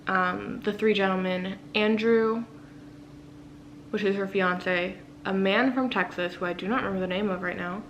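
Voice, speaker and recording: A woman vlogger chatting loosely through a book recap. Her pitch sits in an ordinary middle range. A faint hiss runs under her voice. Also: fairly even intonation, moderate pace, rough recording. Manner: rambling and enthusiastic, many fillers, with hushed asides. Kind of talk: casual book summary chat.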